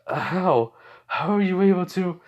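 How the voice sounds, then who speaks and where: A man's voice: high-pitched, a little slow, dull audio, voice pushed up. A man voicing an arrogant, rattled male villain in raised, indignant outbursts.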